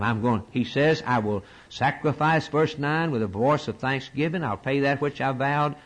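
A man's voice: expressive, moderate pace, slightly rough. A man preaching a sermon to his congregation, fervent and repetitive, with sweeping rises and drops in his voice. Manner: fervent preaching with repetition and dramatic pitch swings.

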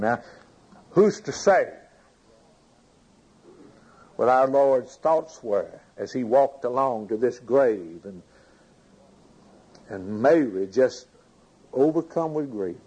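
Man, preacher, husky voice, sermon, reads scripture and asks the congregation questions. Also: medium pitch, slow pace, long pauses, dark tone, dull audio.

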